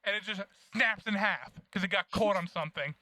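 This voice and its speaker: A young man co-hosting a podcast, telling profane, animated stories in casual chat. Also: sits high, a little fast, no room sound. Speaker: podcast co-host.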